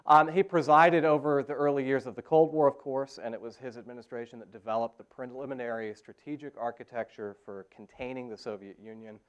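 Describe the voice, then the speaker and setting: A man giving a university history lecture, pausing often with "uh" fillers and restarting phrases. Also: mid-range voice, steady tone, clean tone. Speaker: history professor. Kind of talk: academic lecture.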